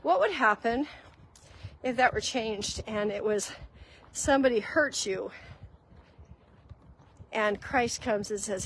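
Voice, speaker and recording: A woman's voice: fairly high pitch, measured pace, pauses often, fairly bright tone, slight background noise, rough recording. A woman hosting a faith-based walk-and-talk, teaching in an earnest, conversational way while walking outdoors. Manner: earnest and conversational, addresses listeners as guys. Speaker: host giving spiritual guidance.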